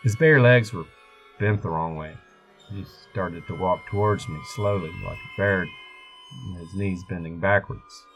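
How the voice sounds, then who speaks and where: A man narrating a first-person horror story in a steady, measured way. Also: deep voice, poor audio. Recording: music bed behind voice.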